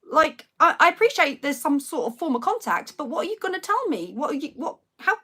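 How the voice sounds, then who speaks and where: A young British woman who speaks loudly, indignantly retelling a story in a casual chat with her live-stream viewers. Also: high-pitched, fairly quick. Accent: British English. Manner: loud-spoken, animated and indignant retelling.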